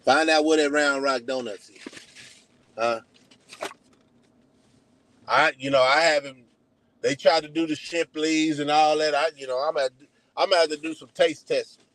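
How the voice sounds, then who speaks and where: A man's voice: a little high, steady tone, normal speed, pauses often, a bit bright, poor audio. A Texan man livestreaming from his car at a donut shop drive-thru, talking loosely and slangily as he drifts between topics. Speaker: livestream host. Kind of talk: casual rambling livestream chat.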